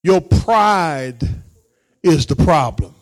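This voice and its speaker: A man preaching as a pastor, calling out to his congregation and swinging between shouted lines and quiet asides. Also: on the high side, animated, extremely slow. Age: adult, married parent. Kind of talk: sermon.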